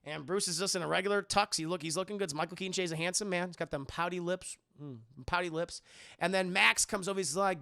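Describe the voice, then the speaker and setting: A man recapping a film scene by scene for a live stream, animated and profane, acting out the characters. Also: sits high, fast, creaky.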